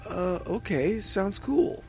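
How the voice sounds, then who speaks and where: A man voicing a brash, boastful teenage girl pilot in a fan fiction reading, raising his pitch. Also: animated, slow, vocal fry, a little mellow, faint music behind, heavily acted. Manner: boastful, snappy.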